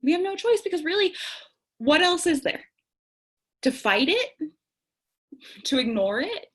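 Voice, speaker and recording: A woman's voice: very high voice, very animated, unhurried. Candid young woman musing on tarot. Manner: candid and conversational, laughs at herself, swears casually. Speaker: tarot and self-care host. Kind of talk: reflective spiritual talk to camera.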